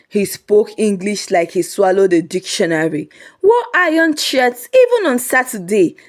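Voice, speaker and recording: A woman narrating a comic folk story in a lively, humorous way. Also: medium pitch.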